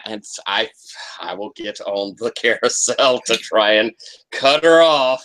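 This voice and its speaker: A man's voice: lowish voice, lively intonation, measured pace, fairly bright tone. A man playing a tabletop role-playing game, talking hesitantly with many fillers and restarts. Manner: hesitant, lots of ums and restarts. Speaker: player. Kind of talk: tabletop role-play, in character.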